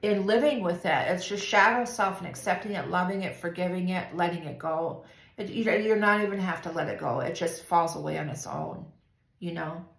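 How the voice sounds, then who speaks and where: A woman's voice: lowish voice, normal speed, creaky. Woman giving a rambling tarot reading. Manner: soft-spoken, meandering, many fillers. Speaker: tarot reader. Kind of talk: spiritual tarot reading monologue. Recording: roomy echo with faint ambience.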